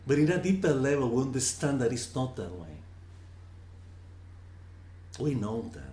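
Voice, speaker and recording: A man giving a slow, earnest reflective teaching on scripture, often repeating words for emphasis. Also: mid-range voice, very animated, dark tone, roomy sound, a little hiss or hum. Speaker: spiritual teacher.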